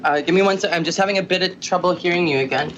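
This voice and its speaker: A man from Canada, a podcast guest, telling a story excitedly on a video call, with many fillers and frequent laughter. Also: sits high, racing, a little hiss or hum.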